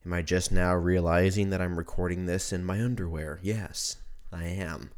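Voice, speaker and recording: A man's voice: low voice, steady tone, normal speed. A man hosting his own podcast in a casual solo monologue, drunk, congested, rambling and swearing freely. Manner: rambling and profane. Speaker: podcast host. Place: at home.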